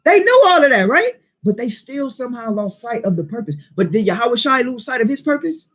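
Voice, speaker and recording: A man leading a Bible class, preaching in an animated way and firing questions at the listeners. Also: very high voice, brisk.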